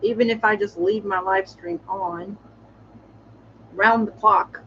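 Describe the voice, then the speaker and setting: A woman's voice: mid-range voice, fairly even intonation, slow, a bit bright, a little hiss or hum. A woman with a cold casually chatting on a livestream from home, meandering with lots of fillers and restarts. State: has a cold. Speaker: livestream host. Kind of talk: casual rambling livestream chat. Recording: slightly dull lo-fi audio.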